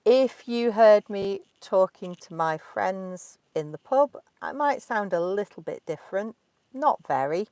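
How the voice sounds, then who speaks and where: A woman in her thirties with a Derbyshire accent, an English teacher answering questions from learners in slow, clear speech, recorded inside a parked car. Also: medium pitch, animated, darkish tone, dry recording. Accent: Derbyshire English, clearly spoken. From Derbyshire, England.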